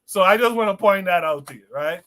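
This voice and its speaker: A man's voice: sits high, animated, a little fast, bright, forceful tone. A man hosting a podcast livestream in casual chat, laid-back and calling people brother. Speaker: podcast host.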